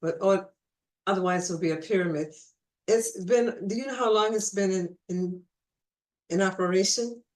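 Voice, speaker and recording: A woman's voice: mid-range voice, normal speed. A woman hosting a casual conversational interview, chatty and restarting her phrases, with the hiccups. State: has the hiccups.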